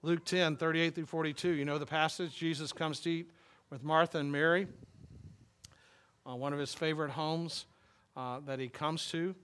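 A man's voice: a little high, a bit bright. Rambling, conversational male preacher. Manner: conversational, rambling, with frequent fillers. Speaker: pastor. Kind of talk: sermon.

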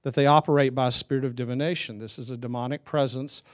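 A man's voice: medium pitch, steady tone, quick pace. A middle-aged man preaching a sermon, telling stories in a loose, conversational way with chuckles and restarts. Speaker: pastor.

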